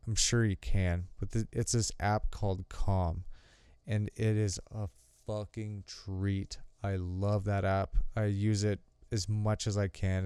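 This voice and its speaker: Laid-back low-voiced man podcasting solo. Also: warm tone, clean tone, dry recording. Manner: rambling, candid, sprinkled with ums and swearing. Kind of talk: casual solo podcast talk.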